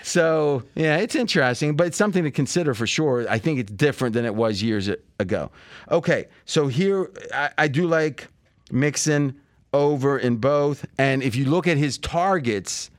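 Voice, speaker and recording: A man's voice: medium pitch, animated, moderate pace, dry recording, clean studio sound. A man hosting a sports betting podcast, rambling and thinking aloud with lots of fillers and restarts. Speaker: podcast host. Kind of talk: casual sports betting chat.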